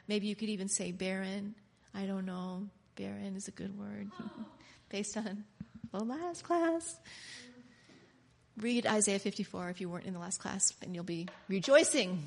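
A woman preacher delivering a sermon in an animated, emphatic way, repeating key lines and laughing often. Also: mid-range voice, unhurried, vocal fry, in a large hall.

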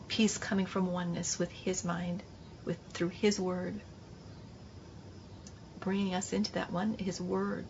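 A woman's voice: on the low side, little pitch movement, a little slow, pauses often, darkish tone, slight background noise. A woman Bible teacher giving an emphatic, repetitive sermon-style class. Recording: dull lo-fi recording.

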